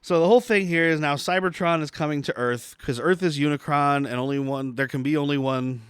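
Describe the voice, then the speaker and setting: Male co-host, slightly higher voice, chatty recap, laughs a lot, dry mic. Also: fairly quick, clear, resonant tone, no room sound. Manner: laughs often, summarizes scenes. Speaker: podcast co-host recapping the plot. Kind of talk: casual plot recap chat.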